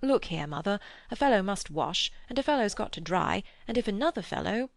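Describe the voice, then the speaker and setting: A woman's voice: medium pitch, animated, a little fast, vocal fry, dry recording, studio quality. A woman doing a cheeky boisterous young man.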